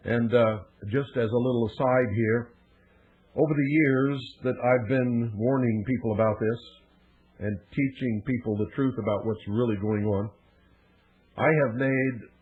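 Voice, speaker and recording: A middle-aged male radio talk show host delivering an emphatic, warning monologue with dramatic pauses. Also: mid-range voice. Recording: phone-like lo-fi radio audio.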